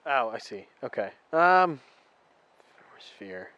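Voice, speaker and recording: A man's voice: medium pitch, big pitch swings, sharp tone, no echo, lo-fi sound. A young man being interviewed as a student, answering hesitantly and mocking himself. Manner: hesitant, halting, self-mocking. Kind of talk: casual answers to a street interview.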